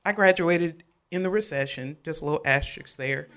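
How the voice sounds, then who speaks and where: Man, 30s, live storyteller, high-pitched, bright, animated, playful with audience. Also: brisk. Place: live event venue.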